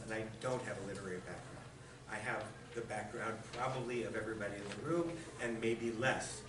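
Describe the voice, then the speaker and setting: Brief: bright, eager man lecturing, distant mic in an echoey room. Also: mid-range voice, slight background noise. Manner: chatty, enthusiastic, with restarts and fillers. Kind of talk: lecture on literature.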